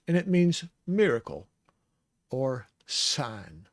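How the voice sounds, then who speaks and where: A man teaching the Hebrew alphabet in a casual, rambling way, sounding out syllables slowly and chuckling now and then. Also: mid-range voice, expressive, darkish tone, no room sound, studio quality. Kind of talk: casual lesson.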